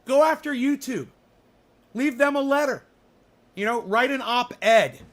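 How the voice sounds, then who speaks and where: A man chatting casually as host of his own show, rambling from point to point and swearing freely. His voice sits high for a man, with a bright, sharp edge. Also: measured pace. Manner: rambling, profane, blunt. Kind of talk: casual chat.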